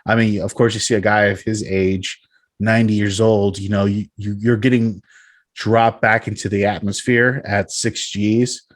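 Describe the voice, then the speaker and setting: A man's voice: fairly low pitch, little pitch movement, moderate pace. A man hosting a casual podcast chat, rambling with many fillers and restarts, laughing often. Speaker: podcast host.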